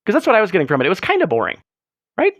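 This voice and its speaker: A man hosting a livestream who rambles and mock-rants with plenty of swearing. His voice is high and jumps all over, and it sounds dry and close. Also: wildly swooping pitch, racing, a bit bright, no room sound. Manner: rambling, profane, mock-ranting. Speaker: livestream host. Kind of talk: casual livestream chat.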